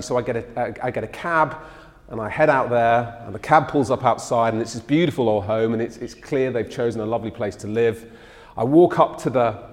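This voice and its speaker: A man lectures to an audience at a middle pitch, and his voice rings with the long reverb of a large hall. He talks in a relaxed, storytelling way and acts out the lines of the people he quotes. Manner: conversational storytelling, acting out quoted speech. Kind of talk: public lecture with anecdotes.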